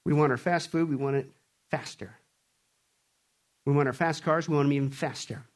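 A man preaching a sermon with jokes, swinging from loud to hushed and acting out voices. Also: on the high side, fairly even intonation, moderate pace. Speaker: pastor.

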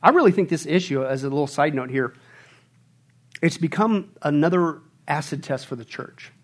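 High-voiced preacher, loud and animated. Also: male voice, moderate pace. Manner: swings from quiet to loud, mocking voices. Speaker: pastor. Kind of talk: sermon.

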